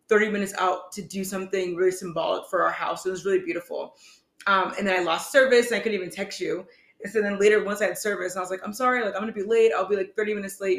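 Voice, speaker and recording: A young woman co-hosts a relationship podcast, speaking in an earnest, rambling way and leaning heavily on "like". Her voice sits at a middling pitch. The room around her rings with a noticeable echo. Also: fairly bright tone. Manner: earnest, rambling, heavy use of "like". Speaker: podcast co-host. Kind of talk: casual chat. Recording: echoey room.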